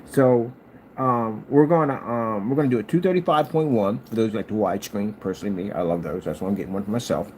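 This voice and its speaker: A man hosting his own channel, talking in a casual rambling monologue and jumping up high when he quotes people. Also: quick pace, a little hiss or hum. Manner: animated storyteller, jumps high for quoted lines; scolding, talks straight to a critic. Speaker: channel host.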